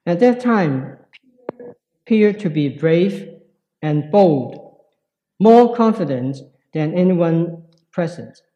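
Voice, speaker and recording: A man preaching a sermon in a slow, reflective way with pauses. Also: fairly high pitch, animated, dark tone, lo-fi sound.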